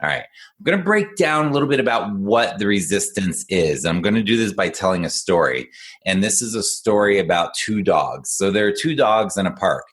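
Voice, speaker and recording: Speaking at normal speed, a very low-voiced man coaches on executive function for a laid-back podcast. He's patient and encouraging as he explains, lively when he tells stories.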